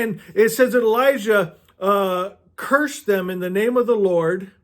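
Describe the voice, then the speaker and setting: A spiritual speaker with a high-sitting, fairly bright male voice preaches an impassioned monologue. He stammers, restarts often and fires off rhetorical questions.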